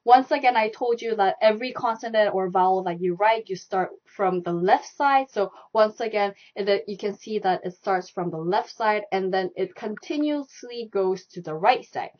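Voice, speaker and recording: A young woman teaches a live online Korean lesson, repeating stroke directions and sounds over and over as she demonstrates. Her mid-range voice keeps a moderate pace with few pauses. The live stream audio is dull and lo-fi.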